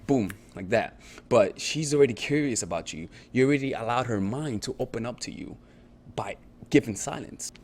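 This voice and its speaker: A man's voice: mid-range voice, expressive, moderate pace, a little mellow, a little hiss or hum. A man coaching on dating in a casual, conversational talk, often checking in with his listener and swearing freely. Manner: conversational, repetitive check-ins, profane.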